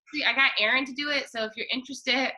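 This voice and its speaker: A woman's voice: high voice, steady tone, very fast, sharp tone, rough recording. A woman chatting casually on a video call, giving peer feedback and often acting out what others said. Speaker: sign language student.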